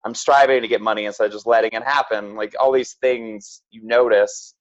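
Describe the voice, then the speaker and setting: A man's voice: fairly low pitch, fairly even intonation, brisk. A man speaking as a podcast guest, earnest and frank, with many "like"s and "right?"s. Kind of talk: casual reflective chat. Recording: slightly dull lo-fi sound.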